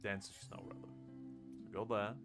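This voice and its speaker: A young man in his twenties with a British accent rambles and jokes while streaming a game, laughing often. His voice sits on the low side. Faint music plays in the background. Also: flat delivery, normal speed. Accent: British English. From Ukraine. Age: 20s. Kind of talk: casual live-stream chat.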